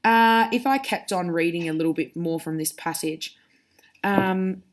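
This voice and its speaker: Her fairly low voice is unhurried as she teaches pupils to read. Patient in her explanations, she models the reading herself in a conversational way, with an occasional restart while she reaches for examples.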